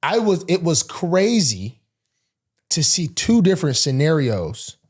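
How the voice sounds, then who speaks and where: Husky-voiced young man telling a story. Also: on the high side, a little slow. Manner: animated, acts out quoted dialogue, many fillers. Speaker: football player guest. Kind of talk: casual storytelling.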